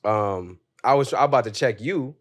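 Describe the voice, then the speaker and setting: A man's voice: medium pitch, normal speed. A man hosting a casual podcast among friends, affirming and reflective with a playful, teasing streak. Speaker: podcast host.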